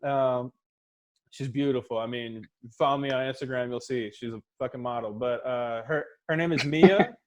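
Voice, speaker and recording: A man's voice: medium pitch, normal speed, a little mellow. A man in his thirties doing a stand-up set over a video call, telling casual, profane stories and acting out the voices of the people in them. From Los Angeles. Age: 30s. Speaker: stand-up comedian.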